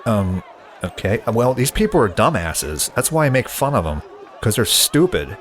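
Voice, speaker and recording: A man's voice: lowish voice, big pitch swings, moderate pace, a faint crowd. A man hosting a comedy podcast, exasperated and casual in a sketch. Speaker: podcast host.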